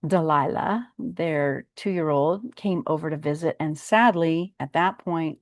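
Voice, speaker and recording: An older woman with a low voice talks to her viewers in a casual vlog update. She rambles from one thing to the next and fills pauses with ums. The sound is close and dry, with no room echo. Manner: chatty and meandering, with frequent ums. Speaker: vlog host.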